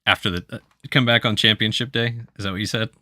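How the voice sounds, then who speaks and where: A man's voice: lowish voice, fairly even intonation, fast talker, bright, forceful tone, no echo. A man narrating as game master in a casual, loose way. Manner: casual, loose, many fillers.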